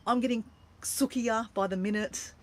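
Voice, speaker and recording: A woman's voice: a little high, steady tone, normal speed. An Australian woman chatting casually on a livestream from her camper van, playful and talkative as she greets viewers. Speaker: vlogger greeting live viewers.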